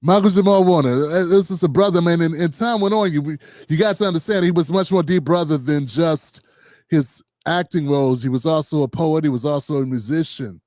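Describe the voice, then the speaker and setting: A man in his fifties, co-hosting a podcast panel, talking reflectively with frequent pauses and fillers. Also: fairly high pitch, a little mellow, no echo, clean studio sound. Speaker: podcast co-host. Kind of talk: panel discussion.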